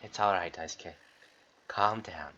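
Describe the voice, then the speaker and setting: A man voicing a wounded male ship captain who speaks quietly and steadily, trying to soothe. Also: deep voice, unhurried, a little hiss or hum. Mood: soothing. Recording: dull lo-fi sound.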